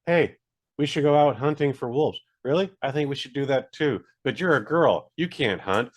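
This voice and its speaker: A man parodying young hunters from a movie, speaking in flat, boastful, plain modern English. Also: mid-range voice, normal speed, natural voice. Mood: mocking.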